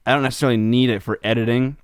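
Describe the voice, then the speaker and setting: A man co-hosting a casual podcast, relaxed and chatty, with many fillers. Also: medium pitch, very fast, clear, resonant tone, no echo, clean studio sound. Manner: relaxed, chatty, filler-heavy with likes and ums. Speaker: podcast co-host.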